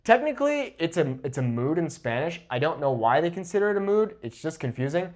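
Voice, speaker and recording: A young man gives a Spanish grammar lesson at a whiteboard in a fairly high voice. His pitch jumps around a lot as he talks, and he slows right down to say each example clearly. He checks in with his students after nearly every example. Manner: lively, repeats "okay?" after each example; slows down to model Spanish pronunciation. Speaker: Spanish teacher.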